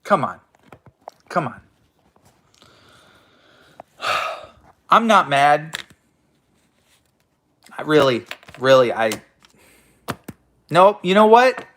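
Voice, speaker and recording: A man with a noticeably high-pitched voice rants at his listeners as host of his own show. He swears constantly, talks in a confrontational tone and keeps stumbling into restarts. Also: big pitch swings, very slow, pauses often, fairly bright tone. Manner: profane, confrontational, stammering restarts. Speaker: host of an online audio room show. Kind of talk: angry ranting monologue.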